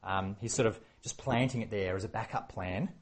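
A man preaching a sermon, animated and acting out the quoted exchanges. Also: on the low side, normal speed. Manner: animated, acts out quoted exchanges, many fillers.

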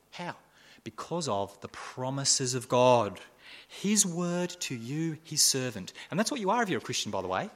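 A man preaching a sermon, asking repeated rhetorical questions and swinging between loud emphasis and hushed asides. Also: medium pitch, very animated, moderate pace.

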